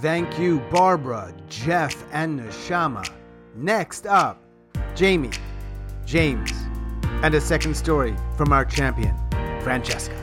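Unhurried man introducing performers over music. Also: on the high side, animated. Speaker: event host. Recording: music playing behind.

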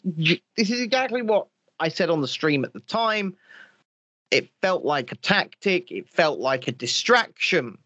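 Animated, swearing male live streamer. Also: a little high, no room sound, dull audio. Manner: swears freely, animated and chatty. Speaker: live streamer reading chat. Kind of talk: casual live stream chat.

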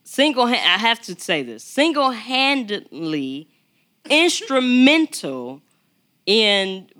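Bright, animated podcast host. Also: medium pitch, slow. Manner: animated, theatrical introductions. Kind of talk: casual podcast chat.

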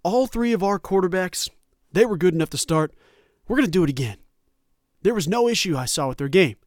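A man's voice: high voice, animated, fairly quick, no echo, studio quality. A man putting on a breezy, stubborn middle-aged football coach with a folksy Southern drawl. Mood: breezy, dismissive.

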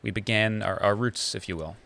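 A young man in his twenties with a gravelly, bright-edged voice clowns through a casual podcast chat. He throws in deadpan bits and laughs often, recorded dry and close to the mic. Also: on the low side, brisk, dry recording. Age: 20s. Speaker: podcast co-host.

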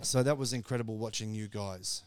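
A man's voice: on the low side, brisk. A man hosting a podcast, joking around while steering the chat and plugging upcoming shows. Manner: jokey, steering the conversation. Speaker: podcast host. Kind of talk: casual banter.

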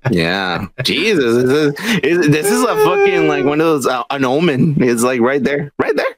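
A man's voice: mid-range voice, very animated, normal speed, a loud crowd. A man co-hosting a podcast, reacting with profane banter and mocking asides. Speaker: podcast co-host. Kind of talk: crude casual chat.

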